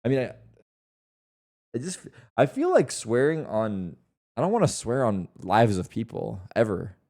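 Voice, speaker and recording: A man's voice: mid-range voice, big pitch swings, unhurried, darkish tone. A young man streaming live, bantering with his chat in a loose, defensive way and swearing freely.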